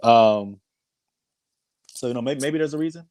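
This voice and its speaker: A man co-hosting a podcast in casual chat, animated and slangy, with lots of hesitant restarts. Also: medium pitch, normal speed, poor audio. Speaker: podcast co-host.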